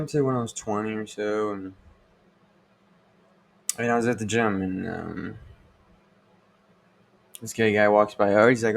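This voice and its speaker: Low-pitched with vocal fry, this young podcast host delivers a casual, crude monologue. He rambles, curses constantly, and leans heavily on fillers.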